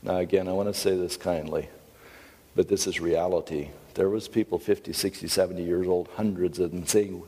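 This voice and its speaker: Deep-voiced, middle-aged male seminar teacher; emphatic and earnest, with a long hall echo. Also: steady tone, fairly quick, dark tone, slightly rough. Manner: emphatic, earnest, with self-deprecating asides. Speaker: seminar speaker and counselor.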